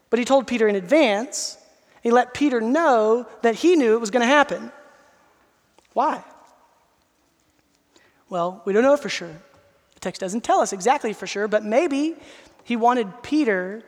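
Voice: mid-range voice, in a large hall. A pastor preaching an expository sermon, earnest and emphatic, speaking directly to the listeners.

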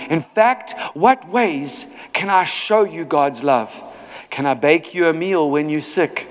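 A man's voice: fairly high pitch, expressive, takes it slowly. A man preaching a sermon in an earnest, conversational storytelling manner, recorded in a church hall with a long reverb.

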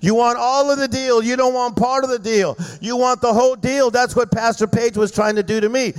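Guy preaching at church, really high voice, all fired up, hall echo all around him. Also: steady tone, fairly quick, smooth. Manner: fervent, rousing the crowd with call-and-response. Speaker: guest preacher. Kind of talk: sermon. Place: church service. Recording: echoey hall reverb.

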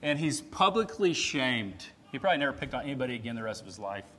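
A man preaching a sermon in a conversational way, often checking in with "right?" and swinging between loud and soft. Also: medium pitch, sing-song, fast talker, a little hiss or hum. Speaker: pastor. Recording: long hall reverb.

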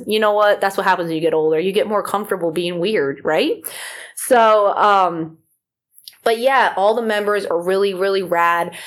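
A woman from Florida hosting a podcast in casual chat, rambling with many fillers, her voice a little rough from feeling unwell. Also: medium pitch. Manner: rambling, filler-heavy, self-deprecating. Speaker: podcast host.

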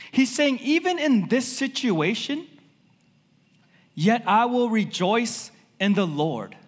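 A male pastor delivers a sermon in a relaxed, chatty way, dropping fillers as he goes. His voice sits high for a man. The sound carries a long reverb from a church hall. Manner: casual, conversational preaching with many fillers.

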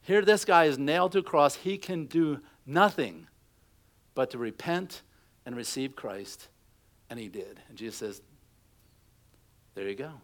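A man's voice: fairly high pitch, animated, unhurried. A middle-aged man preaching a sermon, telling stories and acting out quotes in a conversational way. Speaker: pastor.

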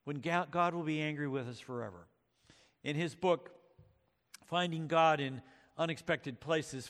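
In a large hall, a male pastor preaches a sermon, reading scripture and retelling stories with dramatic emphasis. His medium-pitched voice is a bit bright, and he uses occasional fillers like uh and um.

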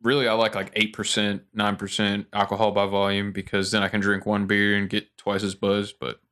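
A man's voice: on the low side, completely flat delivery, a little fast, pushed and bright. A man hosting a casual podcast chat over beers, talking in a loose, rambling way. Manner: rambling, loose, laughs easily. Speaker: podcast host.

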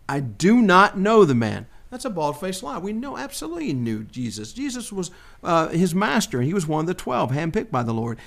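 A man leading a Bible discussion in a relaxed, conversational way. He animates the quoted lines, jumping up in pitch for them. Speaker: Bible study host.

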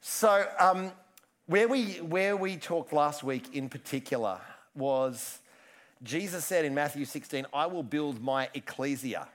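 Male pastor, relaxed joking sermon, tenor-ish voice, frequent asides. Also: fairly high pitch, measured pace. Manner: chatty, self-interrupting, joking asides.

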